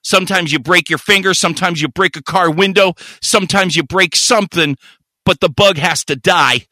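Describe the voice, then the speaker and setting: Bright-voiced man telling a profane story. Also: high-pitched, normal speed, dry recording. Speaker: podcast co-host. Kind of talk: casual chat, storytelling.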